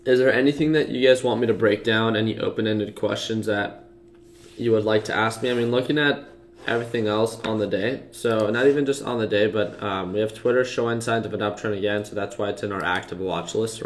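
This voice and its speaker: A man's voice: fairly low pitch, steady tone, brisk. A young man hosting a casual trading livestream, talking loosely with lots of fillers and restarts as he walks through charts. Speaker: stock trading livestream host. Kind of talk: casual market commentary to live viewers.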